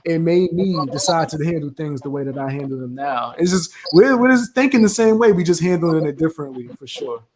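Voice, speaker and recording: A young man hosting a casual chat, laid-back and confident, with a loose slangy manner. His voice sits slightly high for a man. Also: lively intonation, brisk, few pauses, darkish tone. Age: young adult. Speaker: host.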